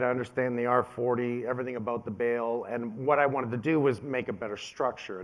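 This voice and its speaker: A man in his fifties giving a keynote speech, telling personal stories in an animated way and acting out what other people said. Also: medium pitch. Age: 50s. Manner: animated storyteller, acts out quoted voices. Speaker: keynote speaker.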